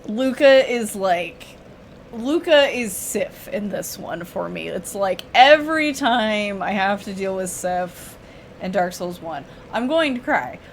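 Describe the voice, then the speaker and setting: Slow-talking woman streaming a game. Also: medium pitch, expressive, slight background noise. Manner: chatty, emotional, jokey reactions. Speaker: streamer playing a video game. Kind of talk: casual gameplay commentary.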